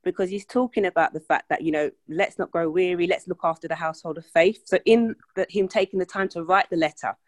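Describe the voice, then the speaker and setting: A woman's voice: on the low side, brisk, hardly any pauses, no room sound. A woman taking part in a Bible study discussion, explaining her point thoughtfully. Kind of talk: group discussion.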